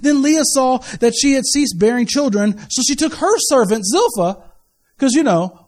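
A middle-aged male pastor preaching a sermon in a lively, conversational way, full of asides and quick retold scenes. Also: very high voice.

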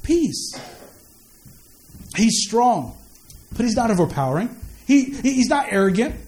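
A man's voice: very high voice, big pitch swings, moderate pace, darkish tone. A man preaching a sermon in a conversational way, repeating words and asking the listeners questions. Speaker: pastor.

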